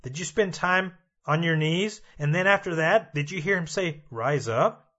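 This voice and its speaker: A man's voice: high-pitched, fairly even intonation, moderate pace, bright, forceful tone, muffled recording. A male preacher giving a sermon, emphatic and repetitive, addressing his listeners directly.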